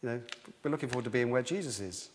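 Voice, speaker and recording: A man preaching a sermon in a lively, conversational way, often restarting his sentences. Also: mid-range voice, very fast, slight background noise. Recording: long hall reverb.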